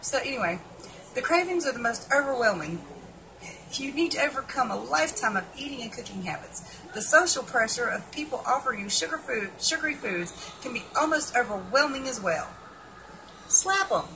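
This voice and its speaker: A fairly high-voiced woman talks straight at the camera, blunt and sarcastic, tossing in swear words. The recording carries a clear layer of background noise. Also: expressive, a little fast. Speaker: keto vlogger. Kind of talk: casual commentary reacting to an article.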